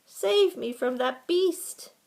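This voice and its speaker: A woman's voice: very high-pitched, animated, takes it slowly, creaky, darkish tone, voice pushed up, heavily acted. A woman reading a storybook, voicing a small young male mouse. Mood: pleading. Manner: cocky, then pleading.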